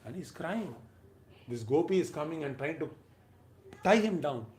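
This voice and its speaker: A man giving a devotional lecture, emphatic, swinging between loud and soft phrases and briefly chanting verses. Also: on the high side, lively intonation, moderate pace, reverberant, a little hiss or hum.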